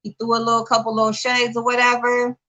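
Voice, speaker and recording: A woman's voice: fairly high pitch, completely flat delivery, fast, bright, forceful tone, poor audio. A woman, a channel host giving casual, profane commentary, blunt and sassy, rising to exasperated outbursts. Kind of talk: casual live-stream commentary.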